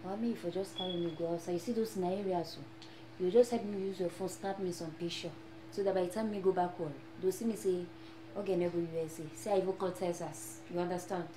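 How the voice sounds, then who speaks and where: A woman's voice: on the low side, fairly even intonation, fast, warm tone, lightly acted. Actress doing a brash naija girl just landed in the states, pidgin accent, roomy sound w faint hiss. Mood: pleading. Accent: Nigerian Pidgin. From Nigeria. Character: brash young Nigerian woman fresh in America. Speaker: newly arrived immigrant. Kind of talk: film acting. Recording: echoey room, faint noise.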